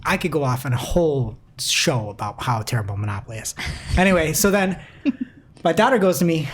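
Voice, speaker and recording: A man in his thirties, co-host of a podcast, telling an animated, self-mocking anecdote in casual chat. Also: on the high side, a little fast, a little hiss or hum.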